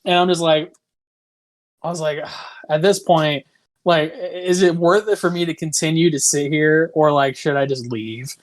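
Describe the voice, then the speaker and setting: A man's voice: on the high side, steady tone, a little slow. A young man co-hosting a podcast, telling a long story in casual, rambling fashion, packed with "like" and swearing. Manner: rambling, full of "like", swears freely. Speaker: podcast co-host.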